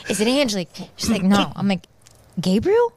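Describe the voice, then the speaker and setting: A young woman, a podcast guest, retelling a family story in casual chat with animated, exasperated energy. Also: mid-range voice, fast talker, dry recording.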